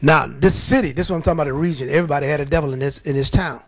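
Male preacher, high voice, lively storytelling, dry close sound. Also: rapid-fire, no echo. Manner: animated storytelling with acted-out voices. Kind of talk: sermon.

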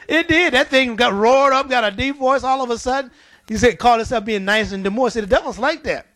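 A male preacher delivering a lively, folksy sermon, telling stories with laughter and reading scripture slowly. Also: high voice, no echo. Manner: animated, folksy, laughing at his own stories; reads scripture slowly and deliberately.

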